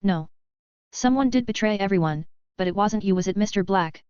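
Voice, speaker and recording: A woman voicing a calm, knowing young male leader who speaks in a measured way. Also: medium pitch, smooth, no echo, highs cut off, close to an everyday voice.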